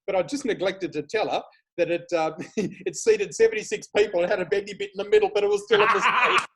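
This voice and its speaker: A man with an Australian accent, a guest chatting casually, telling lively stories and laughing often. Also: high-pitched, fast talker, slightly rough. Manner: animated storyteller, laughs often, swears casually. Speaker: guest, flower reader. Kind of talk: casual chat.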